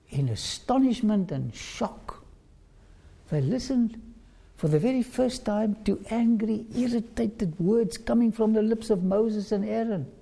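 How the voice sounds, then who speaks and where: A preacher retells a Bible story in a sermon, slowly putting questions straight to the listeners. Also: medium pitch, vocal fry, mellow. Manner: slow, questioning listeners directly.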